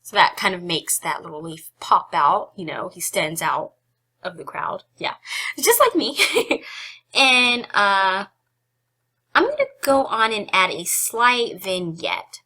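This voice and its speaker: A young woman hosting a casual software tutorial. She is chatty and giggly, with self-deprecating asides, and sounds slightly out of breath. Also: mid-range voice, animated, measured pace. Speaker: photography tutorial host.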